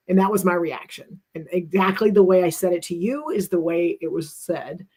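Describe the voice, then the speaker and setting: A woman's voice: lowish voice, a little fast, dark tone, husky. A middle-aged woman co-hosting a talk, telling a personal story in an earnest, reflective way and often restarting her sentences.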